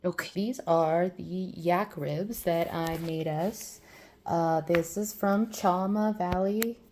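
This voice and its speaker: A vlogger cooks in her home kitchen and chats in a rambling, casual way, fond of swearing. Her voice is lowish, steady, slow, and a little mellow, and the audio quality is poor.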